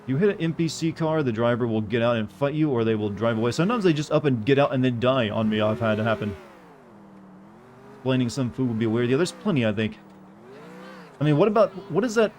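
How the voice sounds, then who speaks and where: Male streamer, casual rambling chatter over gameplay, mid-pitched voice, light background hum. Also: animated, fast, darkish tone. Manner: rambling, joking, answers chat questions.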